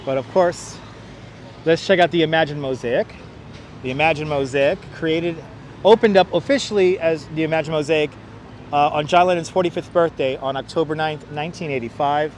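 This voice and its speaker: A talkative man with a Brooklyn accent walks through a city park and chats to his livestream viewers as he goes. His voice sits a little high, and he speaks into a wireless clip-on mic. Faint city noise hums in the background. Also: moderate pace. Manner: chatty, talks to viewers while walking. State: out of breath from walking uphill. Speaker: livestream tour guide. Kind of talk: walking livestream tour commentary.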